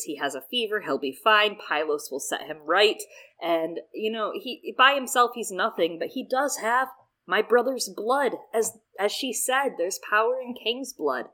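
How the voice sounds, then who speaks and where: A woman's voice: medium pitch, low-quality recording. A woman chatting casually on a podcast, retelling a book chapter, swearing freely and acting out the characters' lines. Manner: lively, profane, acts out characters' lines.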